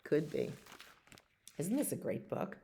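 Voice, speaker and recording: A woman librarian reading a picture book aloud to children, gently and chattily, pausing to explain the pictures. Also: deep voice, huge pitch swings, gravelly, breathy edge.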